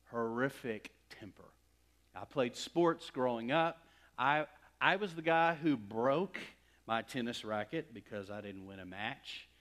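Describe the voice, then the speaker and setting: A middle-aged man from West Texas preaching a sermon, swinging from loud emphatic lines to hushed near-whispers. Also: medium pitch. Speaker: pastor.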